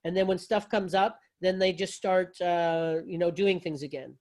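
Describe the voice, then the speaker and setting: A man's voice: high-pitched, fairly even intonation, moderate pace, a little mellow. Conversational man teaching yoga philosophy. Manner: conversational, repeats and restarts, folksy phrasing. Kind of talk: teaching a class discussion.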